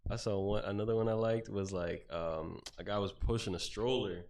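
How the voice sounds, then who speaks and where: A young man co-hosting a podcast, telling stories in an animated, slangy way. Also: on the low side, moderate pace, roomy sound. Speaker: podcast co-host. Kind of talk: casual chat.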